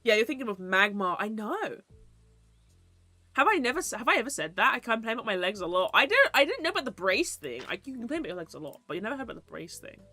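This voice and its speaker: Young woman, rambling casual chat, bright voice, swearing, faint music behind. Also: fairly high pitch, sing-song, quick pace. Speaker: VTuber streamer.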